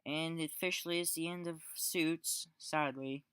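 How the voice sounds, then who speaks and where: A man's voice: fairly high pitch, fairly even intonation, normal speed, a bit bright, clear, resonant tone, no room sound, studio quality. A man giving a casual spoken film review, rambling with restarts and fillers and sarcastic, exasperated asides. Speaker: movie reviewer.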